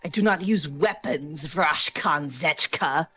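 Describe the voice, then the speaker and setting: A stern, proud warrior woman who speaks in few words, played by a woman. Her voice sits fairly low. Faint music runs in the background. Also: slow pace, fairly bright tone, slightly rough, heavily acted. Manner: terse, proud. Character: stern female warrior who fights unarmed.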